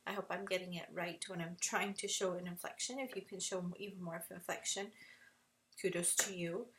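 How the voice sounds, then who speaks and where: A woman's voice: lowish voice, steady tone, brisk, fairly bright tone, recorded from a distance, low-quality recording. A woman teaching tajweed at a whiteboard, explaining patiently and often checking in with "right?".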